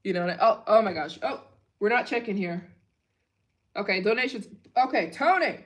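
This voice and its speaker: A woman's voice: mid-range voice, expressive, normal speed. A woman hosting a casual livestream Q&A, gushing and chatty, with lots of filler words. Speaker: travel channel host.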